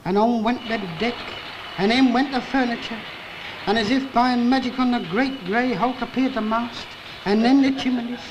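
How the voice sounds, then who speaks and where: Hapless little working man, very high and unhurried voice, telling a mock-grand tale; noisy old sitcom recording. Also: steady tone. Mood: rambling. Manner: slow, wide-eyed storytelling with comic mock-grandeur. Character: small, hapless working-class man spinning a grand rambling yarn. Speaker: sitcom lead. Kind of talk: 1960s television sitcom acting. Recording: old TV recording, loud studio audience laughter. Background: roaring studio audience laughter.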